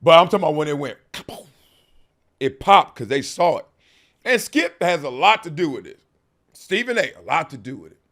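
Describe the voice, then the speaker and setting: A man's voice: a little high, very animated, a little fast, fairly bright tone. A middle-aged man hosting a talk show, talking emphatically in slangy speech, laughing often and mocking others in put-on quotes. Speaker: host. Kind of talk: animated talk-show monologue.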